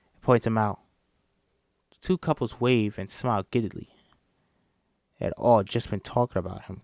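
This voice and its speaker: A man's voice: lowish voice, vocal fry, no room sound, clean studio sound. A man reading a screenplay aloud by himself, voicing every part, stumbling over words now and then. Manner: reads all parts himself, stumbling at times. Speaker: script reader. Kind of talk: solo script read-through.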